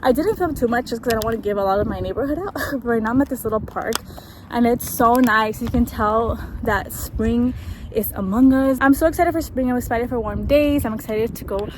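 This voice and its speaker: A woman's voice: on the high side, a little fast, noisy background. A young woman vlogging on a walk in a park after a run, out of breath, chatting to her viewers in a rambling way. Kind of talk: casual vlog chat to camera.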